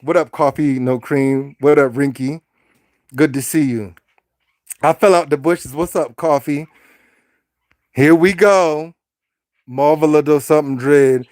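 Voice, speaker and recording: A man's voice: fairly high pitch, expressive, measured pace, a little mellow, no room sound, studio quality. A man hosting a casual livestream, talking animatedly and preachily to his chat, often stuttering on repeated words. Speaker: livestream host.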